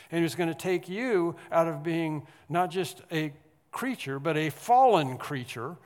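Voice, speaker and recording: Male pastor, fairly high voice, sermon in a church with long reverb, quiet-to-loud emphatic delivery. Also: lively intonation, a little slow. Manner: swings from quiet to loud emphatic passages, repeats for stress.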